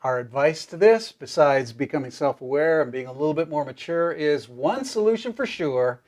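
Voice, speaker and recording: A man's voice: fairly high pitch, lively intonation, normal speed, darkish tone. A man co-hosting a marriage devotional in a casual, joking teaching chat, sometimes acting out quoted voices. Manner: playful, jokey, acts out quoted voices.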